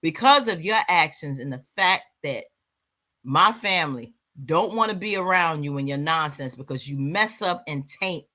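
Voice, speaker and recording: A woman's voice: sits low, expressive, normal speed, sharp tone. A woman reacting to a skit, talking back at the screen in a sassy, emphatic way. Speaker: reaction commentator. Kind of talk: commentary on a skit.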